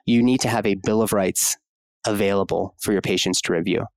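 On a chatty podcast, a male OB-GYN guest from the United States holds forth in a lowish, steady, brisk voice with no room sound. His delivery is frank and impassioned, loose with filler words and a curse here and there.

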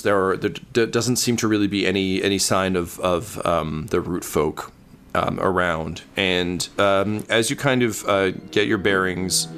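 Slow, low-voiced male game master. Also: a bit bright, clean tone. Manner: halting, many ums and uhs. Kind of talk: narrating a tabletop game.

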